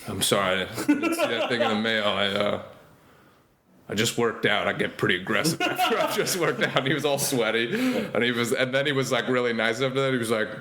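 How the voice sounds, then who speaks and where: Animated young comedian telling stories. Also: male voice, a little fast, slight background noise. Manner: animated storyteller, acts out quoted voices in a higher pitch. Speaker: comedian guest. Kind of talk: casual podcast storytelling. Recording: roomy echo.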